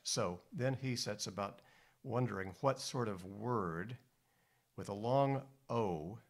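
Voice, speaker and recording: A man giving a measured, deliberate scripted lecture as a music historian, with emphatic stresses. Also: on the low side.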